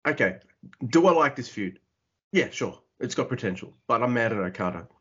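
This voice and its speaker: A man's voice: mid-range voice, expressive, brisk, fairly bright tone, slightly rough. A man hosting a podcast in casual chat, ranting with frequent profanity and poking fun at himself. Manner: ranting, profane, self-mocking. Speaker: podcast host. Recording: muffled lo-fi podcast audio.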